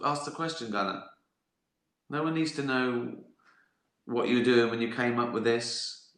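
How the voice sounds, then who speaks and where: A man hosts a casual live-stream Q&A, answering viewer questions in a teasing, sweary way. His voice is bright and sharp, at a middling pitch. The recording has an echoey room sound.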